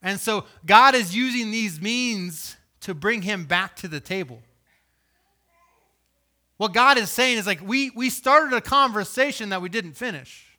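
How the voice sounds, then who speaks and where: Bright-voiced man preaching with dynamic swings. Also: expressive, unhurried. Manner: dynamic, swings from loud emphasis to hushed low delivery; reads scripture aloud and voices imagined questions. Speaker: pastor. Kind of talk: sermon.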